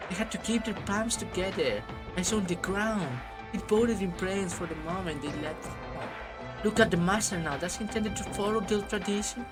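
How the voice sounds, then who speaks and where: A man doing a squeaky awestruck villager. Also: normal speed, over music, close to an everyday voice. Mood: gossiping. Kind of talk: amateur game story reading with put-on voices.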